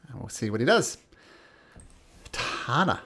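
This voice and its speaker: A man running a tabletop game, narrating the fight at an unhurried pace. His voice has a gravelly fry to it and his pitch moves a lot as he tells the action and makes spoken sound effects. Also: very animated, bright, forceful tone. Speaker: game master.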